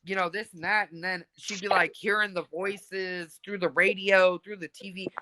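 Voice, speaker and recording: A young woman in casual chat, telling animated stories and acting out what people said. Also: mid-range voice, moderate pace, no echo, rough recording. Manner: animated, acts out quotes. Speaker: podcast co-host.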